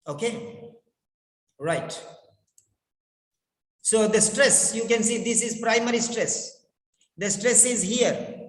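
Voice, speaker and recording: High-voiced male teacher in an echoey room. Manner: repeats words and phrases, coaxing students to respond. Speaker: English pronunciation teacher. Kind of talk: online class teaching. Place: in his village. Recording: echoey room with long reverb.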